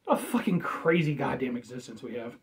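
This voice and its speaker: A man's voice: medium pitch, big pitch swings, brisk. A man from the United States doing a casual, rambling drink review with jokes and offhand swearing.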